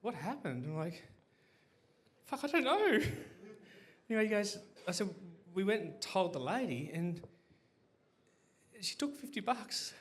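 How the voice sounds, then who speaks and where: A man's voice: high voice, lively intonation, normal speed, long pauses. A man telling a rambling, sweary comic story to a live audience, saying "anyway" over and over and laughing as he goes. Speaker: guest telling a story on stage. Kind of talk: crowd-facing comic yarn.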